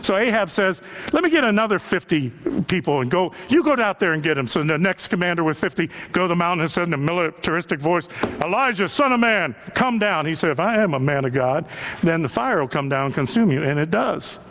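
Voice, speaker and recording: Animated high-voiced male pastor preaching. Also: quick pace, a little hiss or hum. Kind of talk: sermon.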